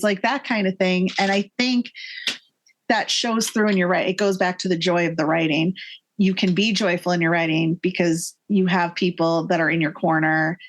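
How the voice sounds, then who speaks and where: A woman in her forties with a slightly low voice chats eagerly as a podcast guest. She fills her talk with "like" and "um" and acts out what others said. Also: steady tone, normal speed. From Massachusetts. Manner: chatty, enthusiastic, many fillers, acts out quoted lines. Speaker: guest author. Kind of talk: casual podcast interview.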